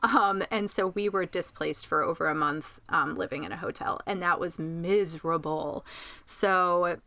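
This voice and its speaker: A woman guest on a podcast with a scratchy voice. She is animated, laughs often and rambles. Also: fairly low pitch, a little slow, vocal fry. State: scratchy voice after illness. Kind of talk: casual chat.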